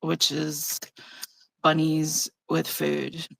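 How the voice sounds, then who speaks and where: Slow-talking woman chatting while crafting. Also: low voice, vocal fry, no echo, low-quality recording. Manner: relaxed, chatty, often laughs, fillers like "like". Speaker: craft channel host. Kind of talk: casual live-stream chat while journaling. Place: home craft desk, on a video call. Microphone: phone or tablet mic over a video call.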